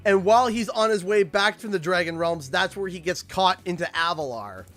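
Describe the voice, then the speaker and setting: A Canadian man casually chatting on a game livestream, rambling through an animated story with lots of restarts. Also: sits high, moderate pace, soft background music. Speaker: streamer.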